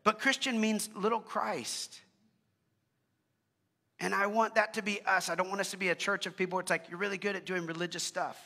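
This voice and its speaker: A man's voice: high voice, fairly even intonation, fairly quick, pushed and bright, in a large hall. A man preaching a casual, conversational sermon and praying, earnest with joking asides and frequent restarts. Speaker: pastor.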